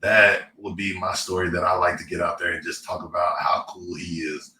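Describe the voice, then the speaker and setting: A man in his thirties, a former pro football player, telling lively stories with laughs and playful trash talk in a casual interview. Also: low-pitched, normal speed. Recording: echoey room, distant mic, faint noise.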